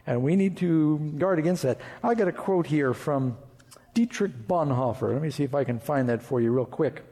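A man's voice: fairly high pitch, animated, normal speed, warm tone. A man pastor preaching an emphatic sermon and reading scripture aloud. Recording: reverberant hall.

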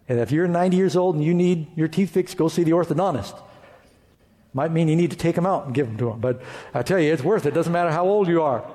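Pastor, male, slightly high voice, earnest preacher with rhetorical questions, long church-hall reverb. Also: a little mellow. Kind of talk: sermon.

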